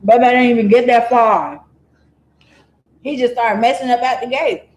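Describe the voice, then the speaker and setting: A woman vlogger telling a true-crime story in a chatty, digressive way, full of animated asides. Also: fairly high pitch, moderate pace, roomy sound, low-quality recording.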